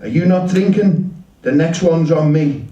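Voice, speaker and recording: Man voicing a friendly loud American guy, sober for years, higher voice, calls everyone buddy, echoey room, distant mic. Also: a little slow, muffled recording, close to an everyday voice. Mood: cheery. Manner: upbeat, familiar, calls people buddy and dude. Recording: roomy shop, mic at a distance.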